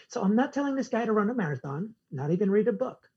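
Podcast guest, male, very husky voice, animated storyteller who quotes whole exchanges, dull audio. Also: high-pitched, fast, few pauses. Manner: acts out conversations in quoted dialogue. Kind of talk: casual storytelling interview.

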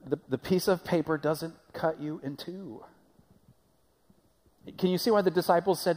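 A man preaches in a slightly higher voice, talking conversationally and often turning questions to his congregation. His voice carries the long reverb of a church sanctuary. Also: normal speed, long pauses, darkish tone. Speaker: pastor. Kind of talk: sermon.

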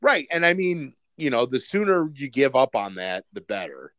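A man's voice: mid-range voice, very animated, normal speed, fairly bright tone, dry recording. A man co-hosting a casual sports podcast, rambling with many fillers and restarts. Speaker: podcast co-host.

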